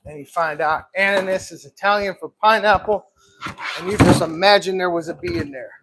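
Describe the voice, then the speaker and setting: A man who runs a gelato shop, chatting casually on a live stream as he works and often clearing his throat. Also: sits high, steady tone, brisk, a bit bright. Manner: chatty, talks to himself while working, clears throat often. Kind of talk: casual live-stream chat while working. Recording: clear background noise with clicks.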